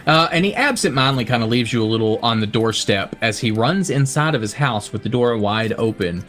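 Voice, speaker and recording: A man narrating as game master of a tabletop game, halting with many fillers and laughing often. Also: medium pitch, animated, fairly bright tone.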